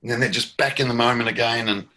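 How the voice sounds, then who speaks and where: A man's voice: mid-range voice, steady tone, fast, sharp tone. A man leading a satsang dialogue as a spiritual teacher, reflective and emphatic, often laughing, on a video call.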